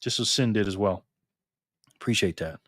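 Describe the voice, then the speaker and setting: A man's voice: on the low side, normal speed, a bit bright, dry recording, clean studio sound. Upbeat man reading out stream chat. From Rochester, New York. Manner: friendly, upbeat, reads chat aloud and greets viewers by name. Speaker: livestream host. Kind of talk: casual live stream chat reading viewer comments.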